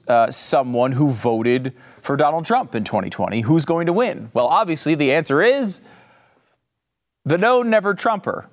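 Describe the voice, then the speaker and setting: Animated sarcastic male talk host. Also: on the high side. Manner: sarcastic, animated, jumps into silly voices. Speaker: political commentary host. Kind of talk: sarcastic monologue.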